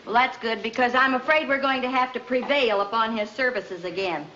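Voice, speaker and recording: A loyal, good-natured best friend chummy and reassuring. Her voice is high and bright. The old TV soundtrack is muffled, with faint hiss. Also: brisk. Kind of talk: 1950s sitcom acting.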